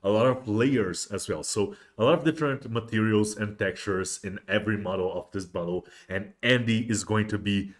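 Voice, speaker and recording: A man's voice: fairly low pitch, moderate pace, few pauses. A man hosting a casual livestream, rambling with many restarts and fillers. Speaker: host of a miniatures livestream.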